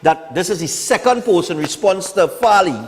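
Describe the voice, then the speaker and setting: A man with a Trinidadian accent hosting a live morning TV show and giving conversational political commentary that drops to a hush for asides. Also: high-pitched, animated, normal speed, long reverb tail. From Trinidad and Tobago.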